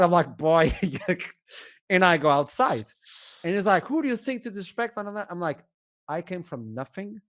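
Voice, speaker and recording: Guesting on a podcast, this esports shoutcaster with a Portuguese accent recounts a story in a lively way, voicing the dialogue himself and laughing often. His voice sits in the mid range.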